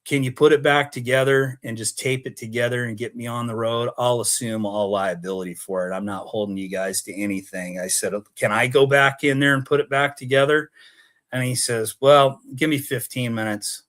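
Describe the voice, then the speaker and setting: A man's voice: medium pitch, normal speed, fairly bright tone. A man from Oregon, a podcast guest, telling a long rambling story and acting out the dialogue as he goes. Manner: rambling, acts out quoted dialogue. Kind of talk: casual storytelling.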